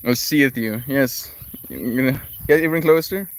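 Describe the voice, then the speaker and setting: A man's voice: medium pitch, moderate pace. A man hosting a casual livestream, talking in a laid-back, rambling way and chuckling often. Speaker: livestream host.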